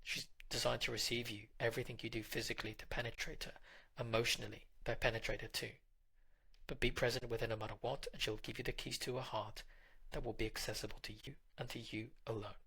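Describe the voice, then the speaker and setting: A man's voice: mid-range voice, little pitch movement, quick pace, creaky, bright, forceful tone, slightly rough, rough recording. A man, a relationship coach, narrating advice in a direct, instructive manner and addressing the listener.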